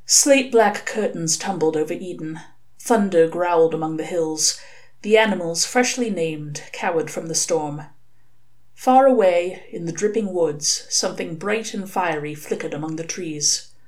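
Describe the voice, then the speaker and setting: A woman reading a novel aloud in an expressive storytelling manner. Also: lowish voice, unhurried. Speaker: reader.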